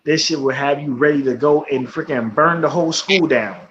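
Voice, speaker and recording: Man, radio talk host, casual and blunt, lots of swearing, fairly high voice, slightly muffled audio. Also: brisk, a bit bright. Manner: blunt and profane, peppered with "you know what I'm saying". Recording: slightly muffled, faint background noise.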